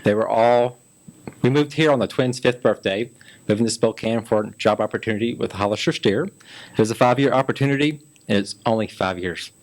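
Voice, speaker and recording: Chatty fifties man from Memphis, council candidate, folksy storyteller, mid-pitched voice. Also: fairly quick. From Memphis, Tennessee. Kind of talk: casual interview chat.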